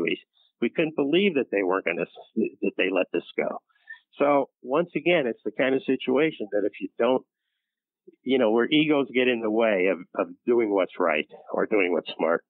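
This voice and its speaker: An older man telling a long workplace story in an interview, halting and restarting often and acting out what others said. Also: medium pitch, expressive, no echo. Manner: halting, many restarts, acts out quoted voices. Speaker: interview guest, former studio executive. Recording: tinny phone-like dry sound.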